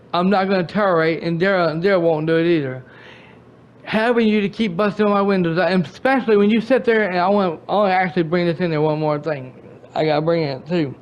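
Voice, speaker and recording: A man's voice: high-pitched, dull audio. A man, hosting a gaming channel, ranting and scolding a friend with angry repeated restarts. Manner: angry, repetitive, stumbling restarts.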